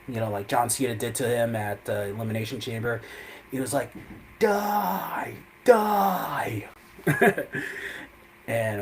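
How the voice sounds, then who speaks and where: A man's voice: medium pitch, a little hiss or hum, poor audio. A man hosting a live show who recaps events in a casual, rambling way, full of "you know" and "I mean.".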